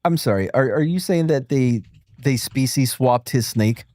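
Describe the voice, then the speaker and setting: A sarcastic co-host riffs and swears through casual banter. His voice is mid-pitched and recorded very dry, with no room sound around it. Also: normal speed, darkish tone, no echo. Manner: sarcastic, profane. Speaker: podcast co-host.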